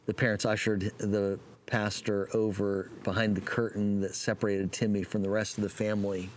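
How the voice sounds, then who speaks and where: A man preaching a sermon, praying and telling a story in a relaxed, folksy way with fillers. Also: lowish voice, normal speed, slight background noise.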